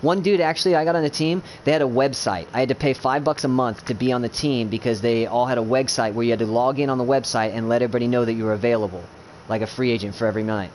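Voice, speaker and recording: A man's voice: medium pitch, fairly even intonation, fast, a little mellow, a little hiss or hum. A man chatting casually about his gaming team, rambling with many fillers, restarts and swearing. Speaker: gamer streamer.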